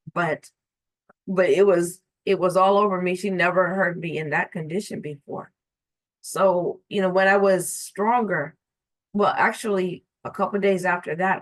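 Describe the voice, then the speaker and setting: A woman telling a personal story in an earnest, halting way, often restarting and repeating her words. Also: on the low side, no room sound, poor audio.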